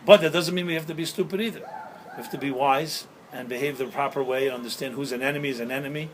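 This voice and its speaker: A man with a medium-pitched voice talks fast in the role of a rabbi, preaching outdoors as the sun sets. He strings together stories and jokes and asks the audience rhetorical questions, captured in a low-quality recording with slight background noise.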